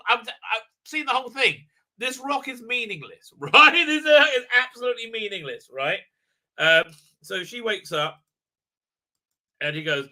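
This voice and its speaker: Male host, sharp bright tone, sarcastic rambling reviewer. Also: high-pitched. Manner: sarcastic, exasperated, rambling with many fillers.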